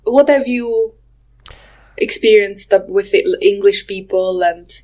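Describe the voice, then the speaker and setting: A woman's voice: mid-range voice, slow, mellow. Teasing woman, laughing podcast co-host. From Albania. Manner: laughs often, teasing, rambling with fillers. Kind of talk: casual chat. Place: lives in England, near Leicester.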